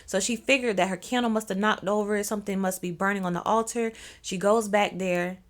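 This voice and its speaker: A woman's voice: mid-range voice, steady tone, fairly quick. A young woman telling a story in a casual, chatty way, with slangy asides to her viewers. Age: young adult. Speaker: storyteller host.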